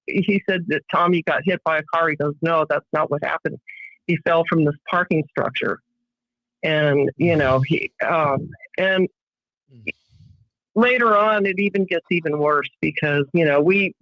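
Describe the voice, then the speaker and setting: A woman's voice: fairly low pitch, dry recording. Middle-aged woman, podcast guest, emotional storyteller who acts out what others said; dry, dull lo-fi audio. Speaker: interview guest. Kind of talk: emotional personal account.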